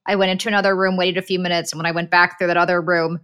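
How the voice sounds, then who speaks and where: Woman cohost, low-ish bright voice, tells stories with lots of likes and you knows. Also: little pitch movement, rapid-fire, clear, resonant tone. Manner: earnest storytelling with fillers. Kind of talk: casual podcast chat.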